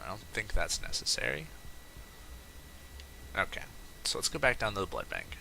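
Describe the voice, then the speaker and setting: A man's voice: on the low side, normal speed, creaky, slight background noise, low-quality recording. A young man giving casual, rambling commentary over a video game, telling a wry story with lots of restarts and asides. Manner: rambling, self-correcting, wry and animated when telling a story. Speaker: gameplay commentator.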